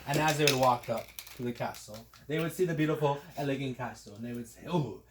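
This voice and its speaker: A woman improvising a bedtime story for her child, playful and lively. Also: extremely low pitch, quick pace. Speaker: parent telling a bedtime story. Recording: roomy, distant, noisy home recording.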